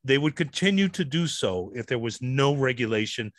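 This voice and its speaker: Rich: A man from Massachusetts co-hosts a casual podcast and argues his case earnestly and steadily. His voice is mid-pitched and recorded dry, with little room sound. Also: normal speed, no echo. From Massachusetts, USA. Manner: earnest and steady, arguing a point. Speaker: podcast co-host.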